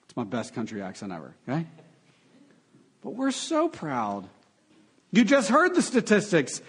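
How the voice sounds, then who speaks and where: Animated young male preacher, lively pitch. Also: normal speed, slightly rough. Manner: animated preaching with sarcastic asides. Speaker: pastor. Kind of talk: sermon.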